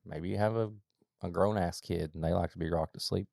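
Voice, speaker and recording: A man co-hosting a podcast in casual chat, rambling with lots of fillers and sudden animated bursts. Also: sits low, a little fast, vocal fry, dry recording, studio quality. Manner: rambling, filler-heavy, jumps to animated outbursts. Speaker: podcast co-host.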